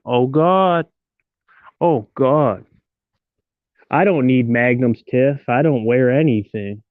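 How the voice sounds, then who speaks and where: Slow-talking man on a tinny live stream. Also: mid-range voice, no echo. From Detroit. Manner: joking, rambling, teasing viewers. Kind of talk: casual live-stream chat. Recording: tinny phone-like sound, dry.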